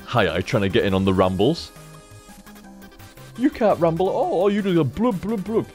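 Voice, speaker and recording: A man's voice: medium pitch, wildly swooping pitch, a little fast, darkish tone, soft background music. A young man streaming from home into a desk microphone, rambling casually, swearing freely and chatting to his cat. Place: home room. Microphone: studio microphone on a desk stand.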